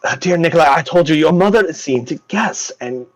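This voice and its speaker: A man doing a prim, hushed manservant. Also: a little high, animated, a little fast, pitched above the performer's own voice, lightly acted, rough recording. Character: polite male butler-servant, prim and formal.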